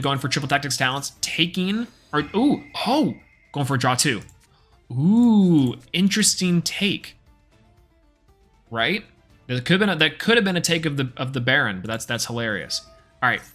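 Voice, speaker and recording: Male streamer, bright tone, loose running commentary. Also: medium pitch. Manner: casual, chatty play-by-play, thinking aloud. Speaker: game streamer. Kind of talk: live gameplay commentary.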